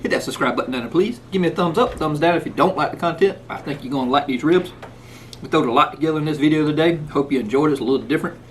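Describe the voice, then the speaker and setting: Folksy man with a higher voice. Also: racing, a little hiss or hum. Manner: folksy, talks with food in his mouth. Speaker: cooking channel host. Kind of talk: casual cooking vlog. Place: outdoors in the rain, then indoors.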